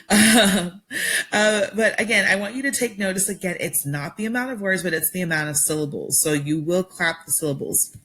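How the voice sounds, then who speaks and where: A woman's voice: lowish voice, moderate pace, sharp tone. A woman teacher giving a recorded vocabulary lesson to her students, explaining patiently step by step with frequent ums.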